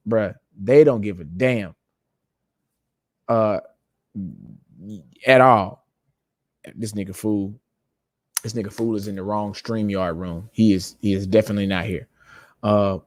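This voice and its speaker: A man's voice: fairly low pitch, a little mellow, no room sound. Profane man telling a loose story, dry sound. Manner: profane, loose, laughing storyteller who acts out quotes. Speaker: podcast host. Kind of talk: casual comedic storytelling. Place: home studio with lights and microphones.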